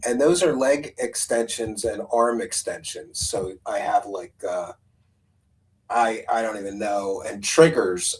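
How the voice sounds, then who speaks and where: A man's voice: lowish voice, low-quality recording. Rambling casual male stream host. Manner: rambling, laughs, thinks aloud, reads a synopsis. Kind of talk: casual live-stream chat.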